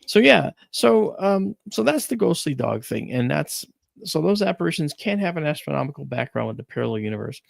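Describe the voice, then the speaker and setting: Man hosting a chat show, gravelly, dry close sound, animated storyteller. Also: on the high side, fairly quick, no room sound. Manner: animated storyteller, acts out quoted voices. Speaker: podcast host.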